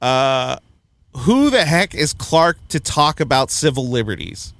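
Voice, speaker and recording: A man's voice: medium pitch, sing-song, measured pace, fairly bright tone, no echo. A man hosting a casual film review chat, blunt and opinionated, often laughing at his own points. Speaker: podcast host reviewing a film.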